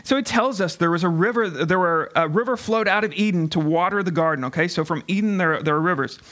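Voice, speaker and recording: A man's voice: high-pitched, fast talker, a bit bright. A man preaching a conversational sermon, often putting questions to the congregation. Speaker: pastor.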